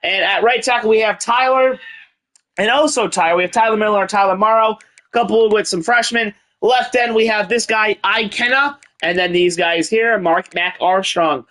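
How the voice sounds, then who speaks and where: A man's voice: high-pitched, moderate pace, bright, forceful tone. A man doing a put-on Irish accent while hosting and commentating a football video game dynasty, calling things out like a hyped announcer. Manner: hyped announcer calls with Irish-style "laddies". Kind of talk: gameplay commentary.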